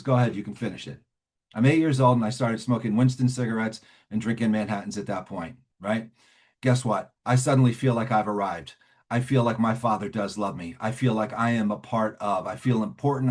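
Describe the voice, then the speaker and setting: A man's voice: medium pitch, a little mellow. A middle-aged man from New Jersey speaking at a recovery meeting, telling his story conversationally and often checking in with "right?". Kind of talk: personal recovery talk to a meeting.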